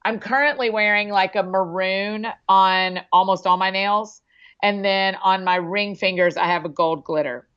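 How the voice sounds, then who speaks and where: A bubbly, chatty woman being interviewed on a podcast, laughing often as she talks. Her voice sits at a middling pitch. The audio is a little dull and muffled. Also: steady tone, normal speed, clear, resonant tone. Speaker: podcast guest, author. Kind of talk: casual interview chat.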